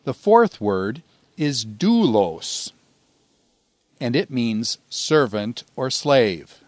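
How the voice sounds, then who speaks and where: A man gives a deliberate, unhurried language lesson, stretching out each phrase so it can be repeated after him. His voice sits at an ordinary middle pitch. It is recorded close and dry, with no room sound. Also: big pitch swings, a little mellow, no room sound. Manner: measured, pausing often, drawn-out Greek phrases for repetition. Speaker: Greek teacher. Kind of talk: slow, deliberate grammar lecture.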